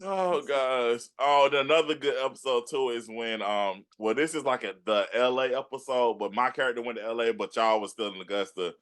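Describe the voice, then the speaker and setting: A man's voice: medium pitch, a little fast, hardly any pauses, a bit bright, clean tone. A man hosting an interview show, reminiscing in an easygoing, rambling way. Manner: easygoing, rambling with fillers and restarts. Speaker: podcast host. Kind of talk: casual interview chat.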